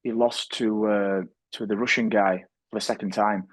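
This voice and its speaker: A man's voice: lowish voice, fairly even intonation, moderate pace, no room sound. A man speaking as a podcast guest and author, talking earnestly and often restarting his sentences. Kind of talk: reflective interview talk.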